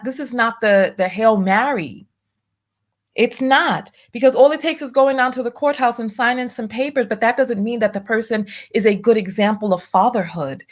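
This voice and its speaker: A woman hosting her own show, giving preachy commentary and reading viewer donations aloud, with big swings in emphasis. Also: fairly high pitch. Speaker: show host.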